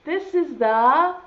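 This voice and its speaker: A woman leads a preschool circle time from home, her voice high and full of swooping ups and downs. She speaks slowly and sing-song, stretching words for little listeners. The recording sounds dull and lo-fi. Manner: slow, exaggerated, sing-song teacher talk to small children; uses sign language alongside speech. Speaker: preschool teacher.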